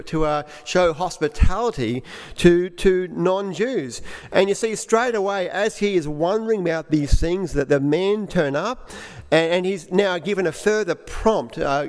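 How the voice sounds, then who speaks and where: Halting preacher in an echoey hall. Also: male voice, sits high, darkish tone. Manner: halting, repeats words while explaining. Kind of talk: sermon.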